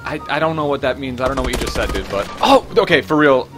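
A young man talks over a gaming headset in a mid-pitched voice, trolling strangers with straight-faced nonsense. His banter is loose, sweary and full of "dude". Game music plays faintly underneath. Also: animated, fast. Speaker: gaming channel host trolling players. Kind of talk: casual gameplay commentary with prank banter.

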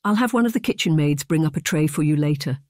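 Narrator doing a chirpy young maid, brisk and polite, kinda high. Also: expressive, no room sound, clean studio sound, close to an everyday voice. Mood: cheerful. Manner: brisk and warmly deferential. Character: cheerful young female housemaid. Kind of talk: audiobook character voice.

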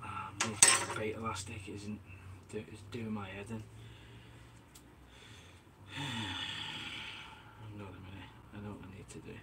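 A man's voice: on the low side, flat delivery, slow, long pauses, heavy background noise. A man streaming live from his bait shack, chatting casually, calling viewers mate and answering the live chat as he works. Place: small bait and tackle shack, indoors.

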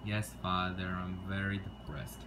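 A man's voice: low voice, monotone, a little slow, noisy background, voice pushed down. A man voicing a mopey young prince who complains to his father, in a homemade toy skit.

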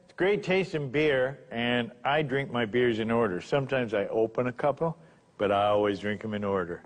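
An actor playing a grumpy hoser brother in an improvised sketch, often dropping into low, mumbled mutters. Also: male voice, normal speed, close to an everyday voice. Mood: sarcastic. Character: grumpy Canadian hoser brother, mocks his sibling. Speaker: sketch comedy co-host. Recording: echoey room with long reverb.

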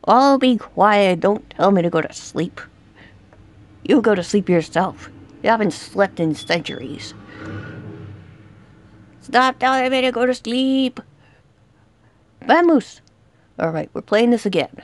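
A young woman narrates her horror game run at a slow, deliberate pace, then breaks into shouts and taunts at the villain. Her voice sits at an ordinary pitch, and the recording is dry and close with no room sound. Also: no room sound. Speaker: gaming youtuber. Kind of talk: excited let's-play commentary.

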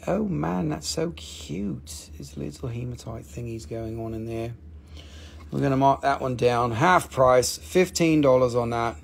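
A man hosting a live crystal sale in casual, playful chat. He jokes, gets excited easily and drifts into broken-English sales talk. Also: mid-range voice, gravelly. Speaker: host selling crystals on a live stream.

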